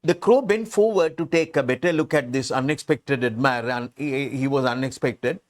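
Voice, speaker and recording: A man's voice: mid-range voice, moderate pace. A man teaching English, reading a story aloud and patiently explaining words, often repeating and restarting.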